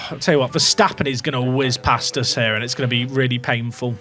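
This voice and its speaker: A young man commentating live on a racing management game for his chat, swinging between nervous muttering and excited shouts. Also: mid-range voice, fairly quick, soft background music. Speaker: gaming YouTuber.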